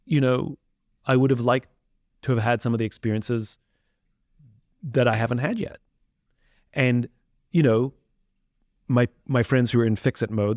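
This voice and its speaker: A man talking as a podcast guest, candid and self-reflective, sometimes acting out the voices of the people he quotes. His pitch sits in the middle range for a man. The sound is dry and close, with no room echo. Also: a little mellow. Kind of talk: reflective conversational talk.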